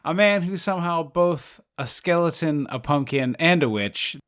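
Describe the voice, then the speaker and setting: A man's voice: a little high, lively intonation, normal speed, a bit bright. A man co-hosting a podcast about eighties movies, chatting casually and laughing often. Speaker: podcast co-host. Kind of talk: casual chat.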